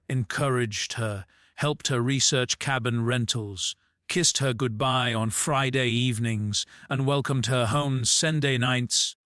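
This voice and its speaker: A man reads a first-person audiobook in a measured, restrained voice at a mid pitch. He takes his time over each line. The recording is dry and close, with no room sound. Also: fairly bright tone, no echo. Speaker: narrator.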